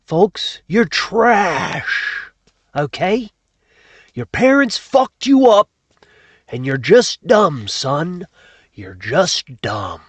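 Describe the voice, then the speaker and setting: A man's voice: high voice, husky, dry recording, muffled recording, voice pushed down, exaggerated voice. A man impersonating an exasperated anarchist speaker who scolds his audience and swears freely. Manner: scolding, profane, repeats "okay" and "folks". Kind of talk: comedic impression.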